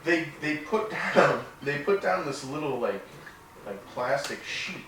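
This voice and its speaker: A man's voice: fairly high pitch, measured pace. A man co-hosting a casual podcast, telling a crude story with swearing and laughter. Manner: animated, swearing, laughing while talking. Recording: roomy distant mic with background noise.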